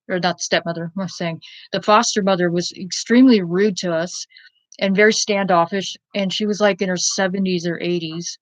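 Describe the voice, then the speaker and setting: A woman's voice: mid-range voice, dry recording, muffled recording. A woman casually telling a personal story in a blunt, rambling way, with many fillers and some swearing.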